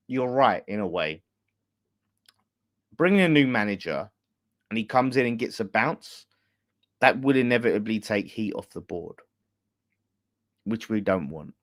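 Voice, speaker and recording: A man's voice: medium pitch, sing-song, slow, long pauses, dry recording, clean studio sound. A man hosting a casual fan live stream, ranting bluntly with swearing and laughter. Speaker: fan channel host.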